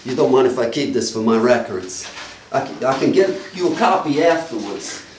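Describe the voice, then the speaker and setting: A man doing live character comedy as a detective, with deadpan mock-official patter aimed at the audience. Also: medium pitch, moderate pace. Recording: echoey live room, distant mic, faint noise.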